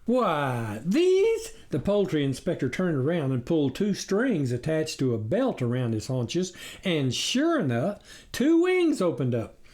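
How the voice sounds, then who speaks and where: A man's voice: a little high, sing-song, normal speed, darkish tone. A man reading his own satirical story aloud in a wry storybook narration.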